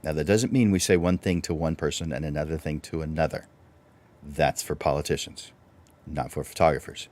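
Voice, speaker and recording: A man's voice: very deep voice, steady tone, a little fast, darkish tone. A man presenting a livestreamed speaking workshop, instructive and full of rhetorical questions.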